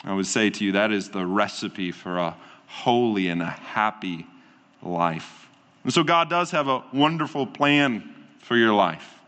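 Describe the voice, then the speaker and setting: A man preaching as a pastor, calm and earnest, often easing into soft, slow endings. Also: lowish voice. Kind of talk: sermon. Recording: long hall reverb.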